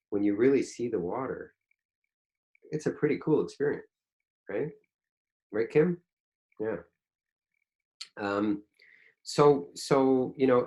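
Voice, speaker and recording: A lower-pitched man teaching a spiritual course, talking loosely with lots of "you know" and restarts. He slips into little acted-out quotes of what people say to themselves. The delivery is conversational and unscripted. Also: darkish tone. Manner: rambling, frequent fillers and restarts, acts out quoted voices. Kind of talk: casual spiritual teaching talk. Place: online group class.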